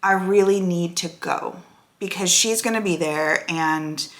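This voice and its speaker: A woman's voice: lowish voice, a little slow, fairly bright tone. A woman, chatting casually to her phone camera in a rambling way, full of "like" and "right?". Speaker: vlogger.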